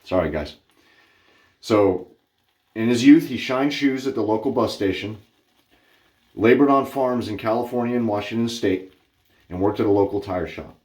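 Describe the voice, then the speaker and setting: A man's voice: lowish voice, moderate pace, pauses often, darkish tone. A man from Texas hosting a wet shaving channel, chatting casually while he shaves, rambling with friendly asides and self-corrections.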